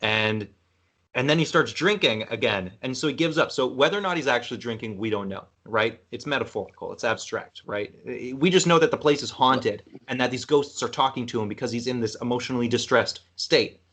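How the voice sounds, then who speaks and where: A man's voice: medium pitch, fairly quick, a bit bright. Rambling podcast host, man. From Canada. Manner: rambling, retells film scenes with acted quotes. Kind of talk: casual chat.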